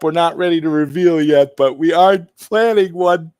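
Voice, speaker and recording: A man hosting a live stream talks in a loose, rambling way, doubling back and restarting his sentences as he greets people in the chat. His voice sits a little high for a man, and the sound is dry and close to the mic. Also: normal speed, few pauses, a little mellow, clear, resonant tone, dry recording.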